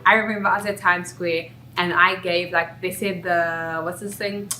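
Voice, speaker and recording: A young South African woman vlogs casually, talking candidly and reflectively in a lowish, bright, forceful voice at a steady tone and normal speed. The room has a roomy echo, with faint background music and slight background noise.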